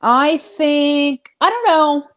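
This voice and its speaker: A woman's voice: sits high, lively intonation, slow pace, a bit bright. A woman co-hosting a live wrestling watch-along, talking casually, laughing often, hedging with fillers and swearing now and then. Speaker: live stream co-host.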